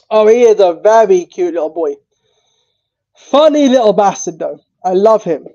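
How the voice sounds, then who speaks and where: A tearful man streaming, speaking haltingly with repeated words and swearing. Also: sits high, a little mellow, highs cut off. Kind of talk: emotional livestream talk.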